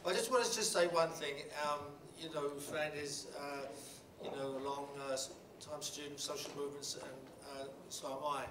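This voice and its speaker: A man's voice: a little high, steady tone. Man telling stories in a hall. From England. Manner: halting, many restarts and fillers, blunt and swearing. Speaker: panel speaker. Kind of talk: storytelling at a panel talk. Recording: roomy hall from a distant mic with background noise.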